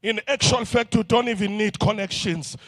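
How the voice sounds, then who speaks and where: A man's voice: high voice, moderate pace, no room sound. A South African man preaching an impassioned sermon at a youth event, mixing in Zulu, with rallying repeated calls.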